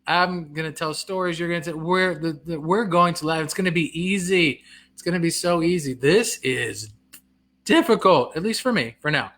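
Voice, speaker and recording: Bright, chatty male comedian. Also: fairly high pitch. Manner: chatty, reads viewer comments aloud and answers them; self-deprecating, quick to laugh. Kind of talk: casual live-stream chat.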